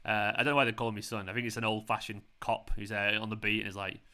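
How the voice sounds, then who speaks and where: A man chatting casually while hosting a football watchalong live stream, excitable and quick to swear. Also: fairly low pitch, clear, resonant tone.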